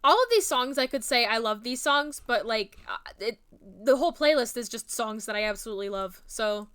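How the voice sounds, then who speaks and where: A young woman with a Jersey accent chats casually to her stream, rambling and giggling at herself. Her voice sits high and sounds bright and crisp, with a smooth, clean tone. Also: lively intonation, brisk. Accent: New Jersey / Philadelphia area. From New Jersey, USA. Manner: rambling, giggly, self-mocking. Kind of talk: casual chat.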